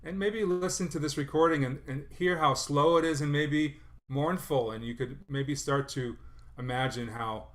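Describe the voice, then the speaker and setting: A man lecturing on the history of sailor songs in a thoughtful academic presentation, pausing often with fillers and restarting his sentences. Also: fairly high pitch.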